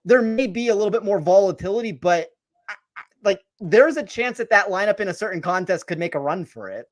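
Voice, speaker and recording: A man on a casual live sports chat, giving measured, thoughtful takes. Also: sits high, expressive. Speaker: fantasy golf analyst.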